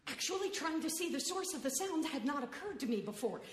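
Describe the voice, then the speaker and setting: A woman reading a story aloud expressively, with dramatic pauses and hushed suspense. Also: high voice, lively intonation. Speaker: reader. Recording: echoey hall, faint noise.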